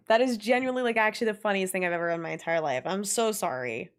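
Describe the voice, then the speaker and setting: A young adult woman streaming a game and chatting casually with her viewers, animated and quick to laugh, swearing freely. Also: medium pitch, smooth. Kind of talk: casual live-stream chat.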